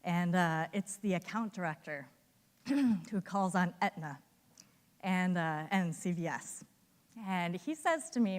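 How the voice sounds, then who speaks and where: A woman giving a conference talk as an animated storyteller who acts out the voices of colleagues she quotes. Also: fairly low pitch, takes it slowly, pauses often, long reverb tail. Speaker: conference speaker. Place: hotel conference ballroom.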